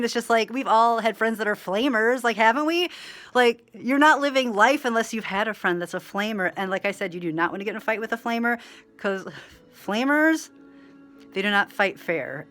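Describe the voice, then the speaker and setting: Rambling woman talking to camera. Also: mid-range voice. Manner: rambling, full of "like" and tangents; swings between loud animated bursts and quiet asides. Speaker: vlogger. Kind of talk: rambling direct-to-camera monologue.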